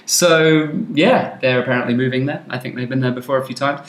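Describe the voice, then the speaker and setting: A man's voice: mid-range voice, brisk. A man from England co-hosting a podcast in casual, jokey chat. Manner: chatty, jokey, laughs often. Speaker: podcast co-host. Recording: roomy echo.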